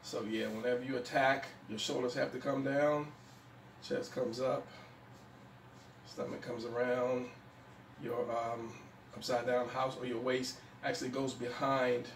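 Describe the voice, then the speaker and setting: A man giving a relaxed drawing tutorial, thinking aloud as he sketches and often pausing with fillers. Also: medium pitch. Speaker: drawing instructor. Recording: echoey room, mic at a distance, faint background noise.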